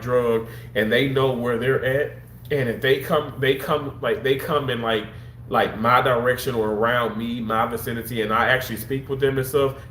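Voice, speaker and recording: A man's voice: medium pitch, fairly bright tone, roomy sound, a little hiss or hum. A man talking straight to his viewers on a casual livestream, rambling and repeating himself, a little under the weather. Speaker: livestream host.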